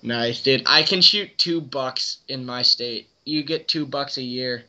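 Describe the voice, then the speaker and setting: A young man on a hunting podcast, chatting in a relaxed, rambling way and saying "dude" a lot. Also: medium pitch, unhurried. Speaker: podcast guest. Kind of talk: casual chat. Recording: dull lo-fi audio.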